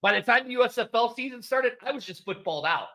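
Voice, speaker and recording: A man's voice: very high voice, expressive, fast talker, a crowd in the background. A man co-hosting a casual sports talk show, emphatic and repeating his points for stress. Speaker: podcast co-host. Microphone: studio microphone.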